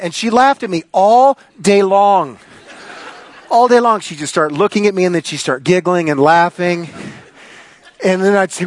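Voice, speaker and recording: A middle-aged pastor preaching a sermon, telling a personal story with lively, excitable energy that sometimes rises to near shouting. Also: male voice, high-pitched, normal speed. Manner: animated storyteller, gets loud and excited.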